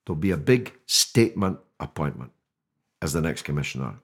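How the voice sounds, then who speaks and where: A man's voice: very deep voice, expressive, brisk, husky. An older man, a guest on a podcast interview, talking in an emphatic, rhetorical way with many restarts. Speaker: mayoral candidate guest.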